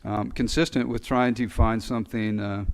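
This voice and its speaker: A man giving a graduation address for fire recruits, earnest and halting, with many fillers, speaking into a podium mic. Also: on the low side, steady tone, vocal fry, poor audio. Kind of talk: ceremonial speech. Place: ceremony hall.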